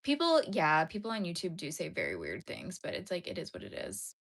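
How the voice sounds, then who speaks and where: A woman's voice: lowish voice, huge pitch swings, a little fast, vocal fry. A young woman streaming live as she crochets, chatting with her viewers and getting tearful over sad dog movies. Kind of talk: casual live-stream chat while crocheting.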